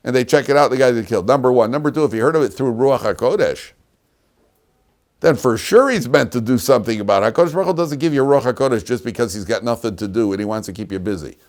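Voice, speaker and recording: A man teaching a lively class as a rabbi, telling stories and laughing at his own anecdotes. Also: medium pitch, quick pace. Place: yeshiva classroom.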